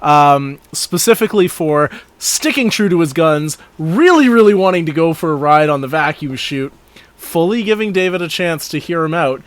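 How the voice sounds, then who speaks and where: Man, game master, brisk chatty recap, fairly high voice, dry close podcast mic. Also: animated, no echo. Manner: brisk, chatty storytelling with quick laughs. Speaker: dungeon master. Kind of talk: narrating a tabletop game recap.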